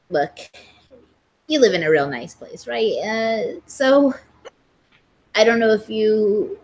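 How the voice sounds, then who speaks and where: A woman's voice: medium pitch, very slow, pauses often, voice pushed up, poor audio. A woman playing a wry, easygoing woman who lives simply in a camper. She talks casually and loosely. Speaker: tabletop game player. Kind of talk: in-character tabletop role-play.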